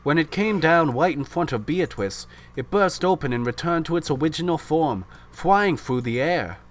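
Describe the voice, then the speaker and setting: A man's voice: on the high side, lively intonation, moderate pace, a little hiss or hum. A young man hosting a podcast, reading a visual novel aloud and breaking off to chat and laugh at himself. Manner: laughs easily, self-deprecating. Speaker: podcast host, reader.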